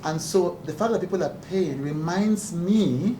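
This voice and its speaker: A high-pitched, unhurried male voice belongs to a talk show host addressing a press conference earnestly and emphatically, often dissolving into laughter. Captured with a far-off mic in an echoey space, the recording has background noise.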